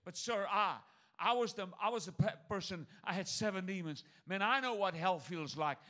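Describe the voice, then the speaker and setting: A man's voice: high voice, lively intonation, normal speed, bright, forceful tone. A man preaching in the voice of a grieving woman who keeps pleading to be allowed to carry the body. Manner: pleading, repetitive, breathless insistence.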